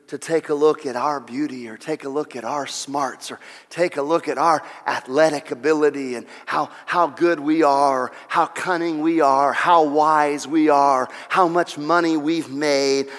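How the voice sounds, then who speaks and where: A man's voice: fairly high pitch, steady tone, a little slow, hardly any pauses. A man preaching a sermon with a dramatic delivery, his voice climbing and swelling as he voices the boasts of the proud. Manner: dramatic, rising to near-shouting when voicing boasts. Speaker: pastor. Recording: long hall reverb.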